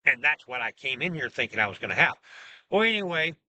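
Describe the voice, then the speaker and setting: A man's voice: medium pitch, fast, a little hiss or hum. A man telling a personal story in a casual, rambling monologue, full of restarts and asides. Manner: rambling, animated retelling with restarts. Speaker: self-styled religious teacher.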